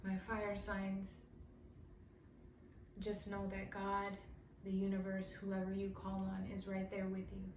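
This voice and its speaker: A woman's voice: medium pitch, completely flat delivery, slow, pauses often, darkish tone, slight background noise. A woman giving a heartfelt spiritual energy reading to her viewers. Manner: emotional, heartfelt. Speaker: tarot reader. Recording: roomy, distant mic with faint ambience.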